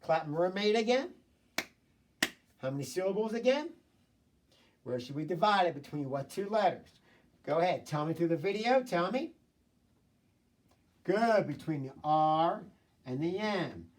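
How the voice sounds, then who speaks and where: A man teaching a recorded phonics lesson to children, prompting them, praising answers and sounding out words slowly. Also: high-pitched, lively intonation, recorded from a distance.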